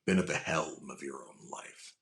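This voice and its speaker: A man doing a slow, hushed impression of a suave, menacing older male criminal mastermind, with a slight lisp. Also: rumbling low, vocal fry, echoey room, pitched below the performer's own voice, heavily acted. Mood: wistful. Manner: slow, hushed, drawn-out musing.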